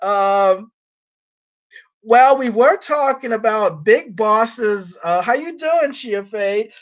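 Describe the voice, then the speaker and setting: A man's voice: high-pitched, highs cut off. Rambling, laughing man on a livestream. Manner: rambling and teasing, laughs often. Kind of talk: casual chat on a livestream.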